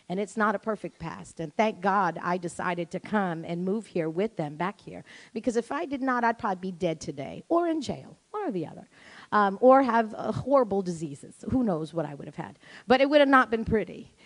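A middle-aged woman, a worship leader, telling family stories at the end of a church service, animated and laughing. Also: medium pitch, normal speed. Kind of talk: sermon closing remarks. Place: church sanctuary. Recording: long church reverb.

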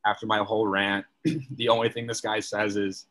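This young man, a podcast guest, tells a story in casual conversation with a lowish, slightly bright voice at a level tone and moderate pace. He's chatty and filler-heavy, leaning constantly on "like."

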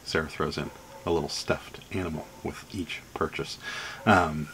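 A man's voice: extremely low pitch, steady tone, moderate pace, a bit bright, a little hiss or hum. A man with a Pittsburgh accent chatting casually on his vlog about items he has sold, rambling with lots of ums and laughing now and then. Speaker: reseller vlogger.

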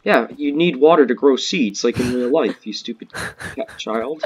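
A man's voice: moderate pace, breathy edge. A man chatting casually while playing a game with a friend, teasing and bragging. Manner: boastful, teasing, lively swings in pitch. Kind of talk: casual gameplay chat.

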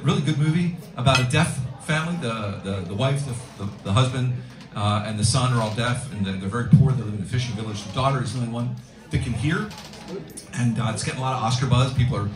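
Rambling middle-aged stand-up comic. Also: male voice, medium pitch. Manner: rambling, self-deprecating, full of ums and restarts. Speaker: stand-up comedian. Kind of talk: live stand-up set. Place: restaurant comedy room with a live audience. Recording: roomy room from far off, music behind.

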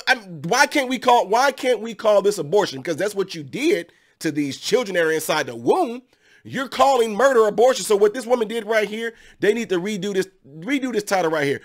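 A man's voice: high voice, expressive, brisk. A man hosting an opinion video, ranting sarcastically and firing rhetorical questions at his viewers. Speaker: commentary channel host.

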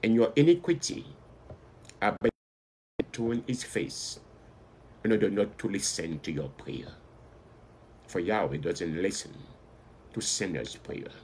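A man preaching a live online sermon with fervent exhortation. He calls out loudly, then drops low, and speaks English with non-standard grammar. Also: expressive, measured pace, pauses often, slight background noise.

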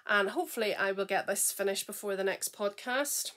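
Chatty woman showing off her knitting, bright clear voice, rambles and trails off, gushes a lot. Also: medium pitch, a little fast. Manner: enthusiastic and gushing. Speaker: knitting podcast host. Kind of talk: casual chat showing knitting projects.

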